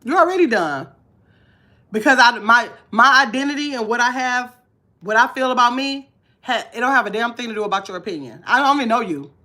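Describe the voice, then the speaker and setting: A woman's voice: a little high, expressive, fairly quick, sharp tone. A woman vlogging live to her chat in casual talk, blunt and emphatic, repeating her points.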